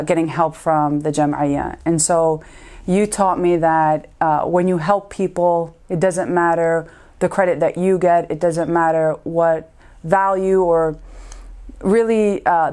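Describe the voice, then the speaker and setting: A woman's voice: sits low, darkish tone. A woman in her thirties, a community lawyer, giving an earnest, heartfelt tribute in a recorded interview, with frequent "um" and "uh" fillers.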